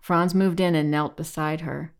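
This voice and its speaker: A woman with a somewhat low voice narrates a novel in a steady, measured way. Her reading stays even and clear from line to line. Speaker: audiobook narrator. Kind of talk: scripted narration.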